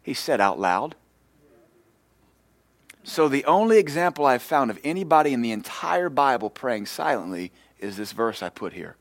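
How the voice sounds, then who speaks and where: A man preaching a sermon with impassioned, storytelling delivery that swells louder and higher. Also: big pitch swings, normal speed, dry recording. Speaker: pastor.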